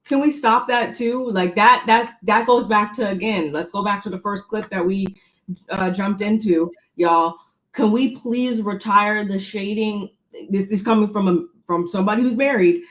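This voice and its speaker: A woman's voice: medium pitch, moderate pace. A woman co-hosting a casual gossip show, throwing shade with dismissive rhetorical questions. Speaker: co-host.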